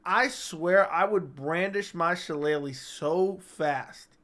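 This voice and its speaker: A man's voice: fairly high pitch, slow pace, a bit bright. A young man hosting a live-stream chat, rambling and joking as he reads viewer comments aloud.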